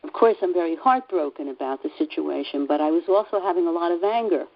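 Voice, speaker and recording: A woman's voice: lowish voice, lively intonation. Earnest woman sharing a story, lo-fi. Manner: earnest, halting with fillers and restarts. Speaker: class participant. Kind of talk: personal story shared in a group call.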